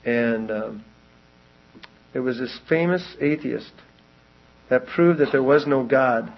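A man's voice: mid-range voice, takes it slowly, highs cut off. A man preaching a sermon, telling a long story in a loose, rambling way and then pressing his point with rising urgency.

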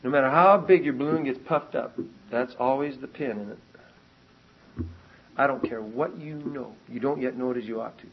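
A man preaching a sermon to a congregation, animated and emphatic, often restarting his sentences and rising to loud peaks. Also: mid-range voice, normal speed, breathy edge. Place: church meeting hall with congregation. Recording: muffled lo-fi recording.

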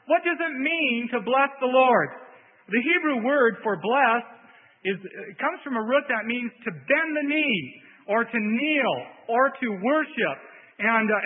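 A man preaching a sermon, earnest and repetitive, often stopping to stress a point. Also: very high voice. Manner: earnest, repetitive emphasis with "see". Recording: phone-like audio in a long-reverb hall.

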